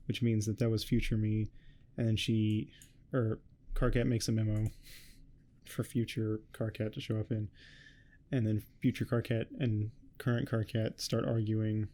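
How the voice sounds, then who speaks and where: A man giving a rambling, heavily swearing casual recap of a webcomic, tossing off quick quotes of the characters. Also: lowish voice, little pitch movement, mellow. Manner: swears a lot, rambling and offhand. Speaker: host. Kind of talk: casual comic recap commentary.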